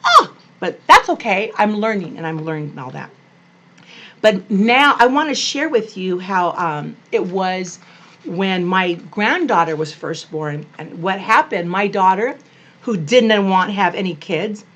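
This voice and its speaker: An older woman vlogging about being a grandmother, telling family stories in a gushing, animated way. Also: mid-range voice, a little slow, highs cut off. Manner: animated, gushing, acts out quoted family voices. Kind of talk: personal storytelling to camera.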